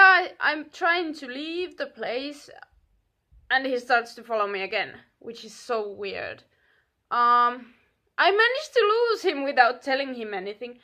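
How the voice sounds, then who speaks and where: A young woman telling a story casually, animated and swearing, acting out what people said. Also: sits high. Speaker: vlogger.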